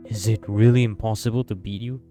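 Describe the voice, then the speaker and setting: A man's voice: fairly low pitch, fairly even intonation, a little fast, mellow, soft background music, lightly acted. A man voicing a defeated young male fighter full of remorse, read aloud as the hero's inner narration of a story game. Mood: despairing. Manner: despairing, remorseful.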